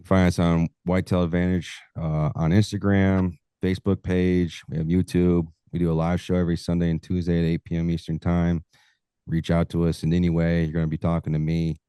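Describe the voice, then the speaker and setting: A man's voice: low-pitched, warm tone, smooth, dry recording, clean studio sound. A man, a hunting podcast host, chatting casually as a guest and swearing freely while acting out stories. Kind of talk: casual interview chat.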